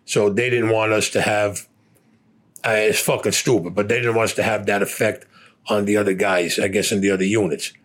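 An older man, a veteran, recounting war memories in a blunt, profane, plainspoken way with a husky voice. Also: lowish voice, flat delivery, a little fast. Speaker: veteran interviewee.

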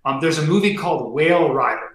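Middle-aged male guest, bright, slightly high voice, laid-back slangy storyteller, echoey room. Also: lively intonation, fast talker. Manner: slangy, heavy on fillers and "dude". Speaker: podcast guest. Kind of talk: casual storytelling.

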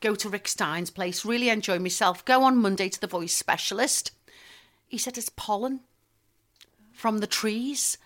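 A woman in her fifties with a Liverpool accent, a stage actress and singer telling lively stories as an interview guest and laughing easily. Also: medium pitch, normal speed. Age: 50s. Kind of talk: casual chat interview.

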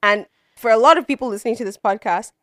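A sassy woman in her twenties from Nigeria co-hosts a podcast with teasing, dramatic banter. Her voice is slightly high. The recording is dry, with no room sound. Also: fast, fairly bright tone, no echo. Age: 20s. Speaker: podcast co-host. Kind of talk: casual chat.

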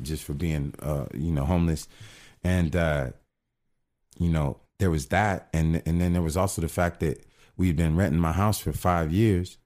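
A man's voice: a bass voice, darkish tone. A middle-aged man telling a personal faith testimony in casual, earnest storytelling with frequent restarts. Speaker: guest telling his testimony.

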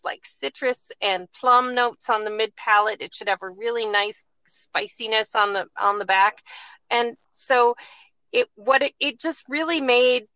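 A woman distiller, a podcast guest, explaining in a relaxed way with lots of fillers. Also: fairly high pitch, dry recording, highs cut off. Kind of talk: conversational interview answers.

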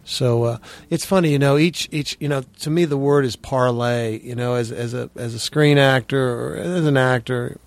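A man's voice: medium pitch, steady tone, normal speed, few pauses. A middle-aged male actor, a guest on the show, telling career stories in a casual, conversational way and often stammering over repeated words.

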